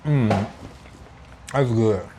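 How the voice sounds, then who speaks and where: A man's voice: lowish voice, extremely slow, warm tone, slight background noise. A man hosting a casual food vlog, playful and teasing as he talks to viewers at home. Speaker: food vlogger. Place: indoors at home.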